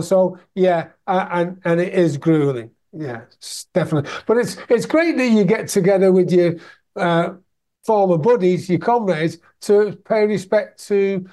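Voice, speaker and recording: English guy hosting the chat, high voice, summing up the guest's stories. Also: dark tone. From England. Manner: conversational, recaps the guest's stories. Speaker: interviewer, host. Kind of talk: casual interview chat.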